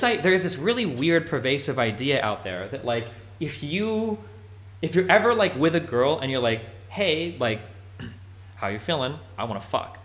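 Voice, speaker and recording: A man's voice: fairly high pitch, a bit bright. Blunt, profane man streaming. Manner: blunt, profane, rambling explanation with many fillers. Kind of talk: casual livestream commentary.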